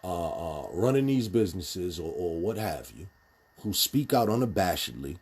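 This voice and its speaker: Deep-voiced, husky man speaking bluntly. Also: very animated, moderate pace. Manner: emphatic, many fillers and restarts, speaks bluntly. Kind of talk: casual monologue commentary.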